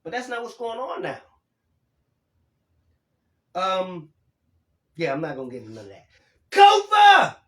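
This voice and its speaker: A man's voice: fairly high pitch, sing-song, moderate pace, pauses often, fairly bright tone, roomy sound. A man in his fifties hosting a casual livestream, talking emphatically and swearing casually as he reads and answers viewer comments. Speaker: livestream host.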